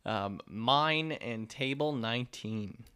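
A man's voice: mid-range voice, takes it slowly, bright, forceful tone, smooth. A man co-hosting a casual chat, blunt and profane, cracking jokes. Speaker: podcast co-host.

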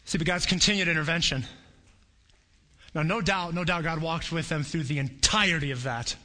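Bright animated male preacher. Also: a little high, moderate pace. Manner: animated storytelling, acts out voices. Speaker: pastor. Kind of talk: sermon with personal story.

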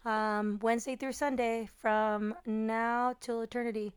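Woman, podcast co-host and shop owner, candid and joking, clear resonant tone. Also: a little high, level tone, unhurried. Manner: candid, fierce and joking, swears freely. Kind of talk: casual chat.

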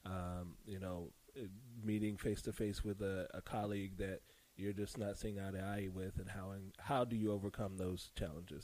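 A man who is a school leader, hosting a casual podcast. He starts his turns haltingly with fillers, then speaks steadily. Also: low-pitched, little pitch movement, a little mellow, poor audio.

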